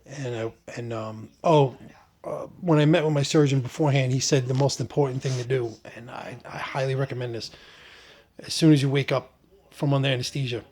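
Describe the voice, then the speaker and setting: A man vlogging about his own surgery in a relaxed, joking way, with many ums and restarts. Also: medium pitch, a little fast. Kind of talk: casual first-person storytelling.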